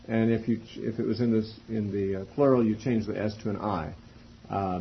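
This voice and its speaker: Husky guy lecturing a bible class, slow and methodical, kinda muffled lo-fi tape. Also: lowish voice, fairly even intonation. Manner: methodical, spells out words, frequent uh fillers. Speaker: Bible teacher. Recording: dull lo-fi recording.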